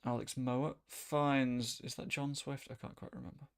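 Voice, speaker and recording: Gravelly man streaming a game. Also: mid-range voice, normal speed. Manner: chatty, rambling, with sudden excited outbursts. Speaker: gaming streamer. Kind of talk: casual gameplay commentary.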